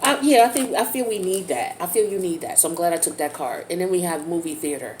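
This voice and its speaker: A woman's voice: lowish voice, quick pace, a little mellow, slight background noise. A woman giving a casual tarot reading in a chatty, slang-filled way. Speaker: tarot reader.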